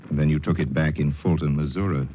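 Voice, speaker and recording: A man putting on a curt, gruff voice for Russia. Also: very deep voice, fairly even intonation, quick pace. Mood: grudging. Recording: dull, hissy 1940s radio broadcast.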